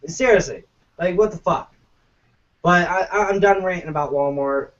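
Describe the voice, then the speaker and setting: A man's voice: high voice, moderate pace, a bit bright. A man co-hosting a gaming podcast, ranting casually and profanely. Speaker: podcast co-host. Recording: muffled lo-fi, distant from mic.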